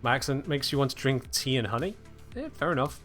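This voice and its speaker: A man's voice: medium pitch, animated, a little fast, fairly bright tone, faint music behind. A British man chatting casually with his viewers on a game live stream, answering chat with wry humor. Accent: British English. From United Kingdom.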